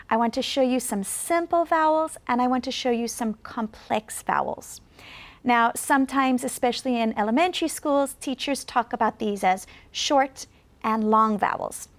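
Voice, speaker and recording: A woman teaching English pronunciation in a televised lesson, clear and patient as she coaches vowel drills. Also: a little high.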